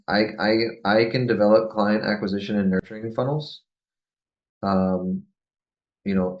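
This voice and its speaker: A man's voice: lowish voice, roomy sound, highs cut off. A man hosting a course, telling stories casually on a group call in a loose, profane way and acting out the people he quotes. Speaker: course host.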